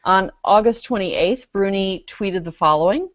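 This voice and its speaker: A woman's voice: lowish voice, expressive, moderate pace, few pauses, dry recording. Wry woman on a dull lo-fi video call. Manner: wry, dry sarcasm when reading comments aloud. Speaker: panelist on a skeptics web show. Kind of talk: casual panel chat, presenting a news story.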